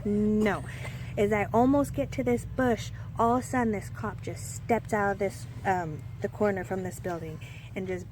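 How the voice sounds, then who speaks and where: In a casual storytime vlog, a young woman rambles through a personal story with many fillers and restarts. Her voice is a little high, and the background is noisy.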